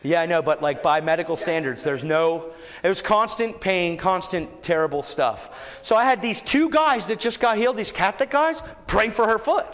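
A man preaching and telling a testimony story, growing animated and shouting at times. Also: sits high, moderate pace, in a large hall. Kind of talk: storytelling sermon.

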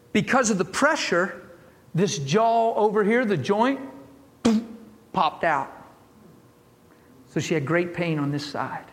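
A man's voice: high voice, in a large hall. A man preaching in a church, telling a healing story with laughs and acted-out voices. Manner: animated, laughing, acts out voices in his story. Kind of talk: storytelling sermon.

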